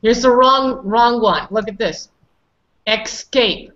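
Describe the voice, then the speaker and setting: A woman's voice: on the high side, unhurried, a bit bright. Female pronunciation teacher, patient and corrective, on muffled lo-fi call audio. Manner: patient, correcting and prompting students. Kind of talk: online class instruction.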